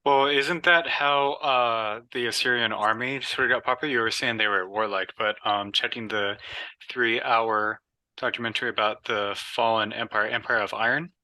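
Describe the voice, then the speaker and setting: Hesitant man with a bright, dry voice. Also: mid-range voice, fairly even intonation, moderate pace, no echo. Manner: hesitant, searching, many fillers. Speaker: Bible study participant. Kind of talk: casual group discussion.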